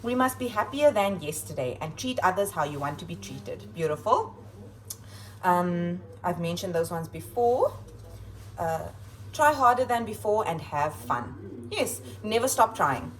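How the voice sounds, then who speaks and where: Chatty woman teacher with a lively voice. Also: fairly low pitch, a little slow, low-quality recording. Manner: chatty and expressive, playful asides. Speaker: schoolteacher. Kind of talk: casual vlog chat reading kids' quotes aloud. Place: home kitchen.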